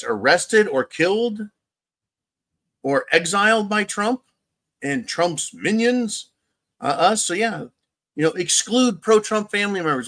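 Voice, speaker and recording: A man with a somewhat high voice hosts a casual political commentary livestream. He rambles and sounds sarcastic as he reads out viewer comments, chuckling and adding mocking asides. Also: a bit bright. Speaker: livestream show host reading viewer chat.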